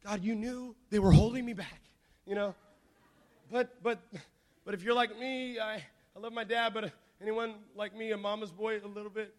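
A man preaching a sermon, telling a childhood story in a playful, animated way and calling on the congregation to answer back. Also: high-pitched.

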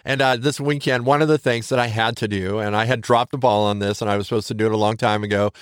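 A man's voice: lowish voice, fairly even intonation, fast, clear, resonant tone, no room sound, clean studio sound. A middle-aged man hosting his own podcast, talking casually and candidly in a rambling, self-deprecating way. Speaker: podcast host. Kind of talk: casual solo podcast talk.

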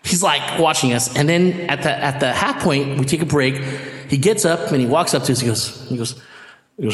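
An animated man tells a story and acts out the voices in it. His voice rings in a roomy space with a long reverb tail. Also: on the high side, fairly quick. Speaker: band leader. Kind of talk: storytelling in a live-streamed chat. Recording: echoey room with long reverb.

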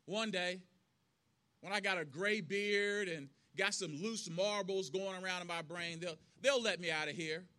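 A man voicing a weary aging male convict, resigned and fearful, whose voice climbs to a loud, anxious shout. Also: high voice, a little slow, pitched below the performer's own voice.

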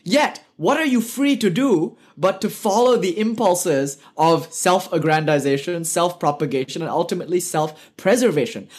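A man with a British accent teaches a live online class on spiritual life. His voice sits a little high for a man. He speaks earnestly, drives points home with rhetorical questions and drops in light joking asides. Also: lively intonation, normal speed, few pauses.

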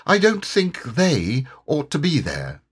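A man putting on a little piglet in a storybook reading, timid and fretful. The voice sits high and squeaky, with a husky edge. It swoops up and down. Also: huge pitch swings, slow, exaggerated voice. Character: small timid young male piglet.

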